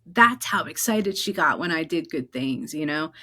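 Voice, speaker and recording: A woman from New Jersey hosting her own podcast, telling personal stories in an animated way and acting out the voices of the people in them. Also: low-pitched, moderate pace. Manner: animated, acts out quoted voices. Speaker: podcast host. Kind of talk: personal storytelling.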